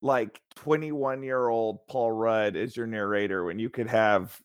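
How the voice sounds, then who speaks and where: A man's voice: on the low side, steady tone, a little slow, clean tone, no room sound, studio quality. A man in a casual film chat, easygoing and hedging his opinions.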